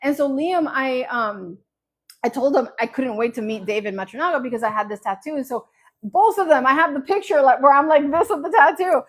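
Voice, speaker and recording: Chatty, animated woman on a livestream. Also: high-pitched, a little fast. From New Jersey. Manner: animated, rambling storyteller. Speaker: craft business host. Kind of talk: casual livestream chat.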